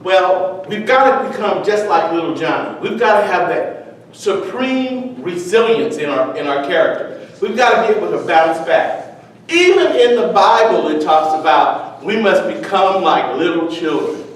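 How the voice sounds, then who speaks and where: Man giving an animated motivational speech. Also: sits high, moderate pace. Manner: storytelling with animated voices. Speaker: speech contest speaker. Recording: echoey hall, far from the mic.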